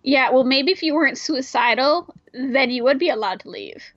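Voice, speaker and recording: A woman reads a fan-made game aloud with casual, irreverent asides, her voice slightly higher than most. The recording sounds dull and dry. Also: normal speed, a bit bright, no echo. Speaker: player reading a game aloud. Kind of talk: casual read-through of a visual novel.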